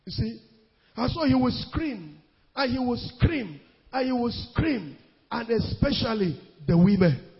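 High husky guy preaching hard, shouty bits, muffled lo-fi recording with a long echo like a big hall. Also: very animated. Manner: emphatic preaching that rises into shouts; draws out scripture quotes slowly. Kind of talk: sermon.

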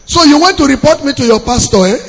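A man with a Nigerian accent preaching a sermon, telling a story and rising to shouts as he goes. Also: very high voice, expressive, quick pace, creaky. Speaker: pastor. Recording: long hall reverb.

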